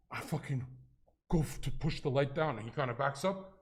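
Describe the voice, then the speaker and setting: A man with a medium-pitched, slightly rough voice talks a little fast while streaming. Caught in a casual, heated debate, he tells a story with heavy swearing, his animated delivery swinging between hushed and loud.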